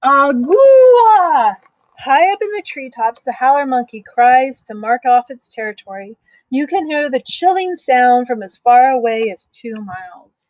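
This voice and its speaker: Gentle teacher woman reading aloud. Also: sits high, lively intonation, dry recording, muffled recording. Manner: gentle, explains slowly with simple asides. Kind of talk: reading a picture book aloud to young students.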